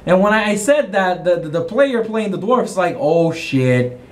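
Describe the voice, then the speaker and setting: Man with a fairly high voice, recapping a game. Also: a little fast. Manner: rambling, animated retelling with restarts and chuckles. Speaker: game master. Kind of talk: casual recap of a tabletop session.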